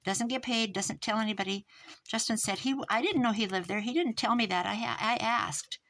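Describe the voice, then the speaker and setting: A middle-aged American woman telling a long story in casual chat, rambling and animated, with restarts and quoted dialogue. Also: on the high side, a little fast, rough recording. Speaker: crafting vlogger.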